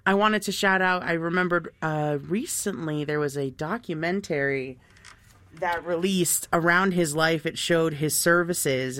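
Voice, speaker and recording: A woman hosting a radio show, talking in a relaxed, casual way with fillers and restarts. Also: lowish voice, no room sound. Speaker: radio host.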